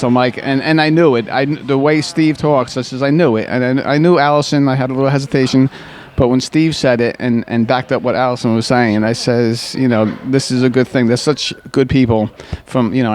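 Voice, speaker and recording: Male physical therapist, middle pitch, conversational and halting, repeats his opening words, interview guest. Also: a little hiss or hum. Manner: rambling, warm storytelling with frequent restarts and fillers.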